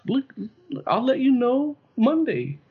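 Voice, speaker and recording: A man's voice: very high voice, sing-song, slow pace, slightly rough. A man co-hosting a casual movie podcast, blunt and opinionated. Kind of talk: casual chat about movies. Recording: dull lo-fi sound.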